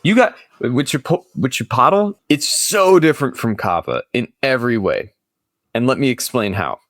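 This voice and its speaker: Playful young man with lively pitch. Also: normal speed, no echo, clean studio sound. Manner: playful, mock-expert bravado. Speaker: podcast co-host. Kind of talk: casual debate chat.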